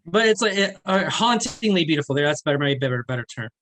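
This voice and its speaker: A man's voice: a little high, animated, quick pace, fairly bright tone. A man hosting a casual film review chat, talking enthusiastically and often saying "to me". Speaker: film review show host.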